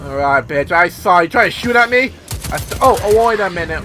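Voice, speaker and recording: A man giving casual let's-play commentary as he plays, excitable and swearing often with sudden outbursts. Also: high-pitched, a little fast. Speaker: gameplay commentator. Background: game music.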